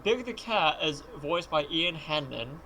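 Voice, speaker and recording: A man's voice: a little high, lively intonation, unhurried, sharp tone, slight background noise. A man chatting casually on a live stream, eagerly sharing trivia and stammering as he starts.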